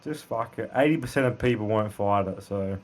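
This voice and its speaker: A man, co-hosting a casual podcast with blunt, crude, deadpan jokes. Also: lowish voice, brisk. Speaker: podcast co-host. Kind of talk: casual chat. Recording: noisy home recording.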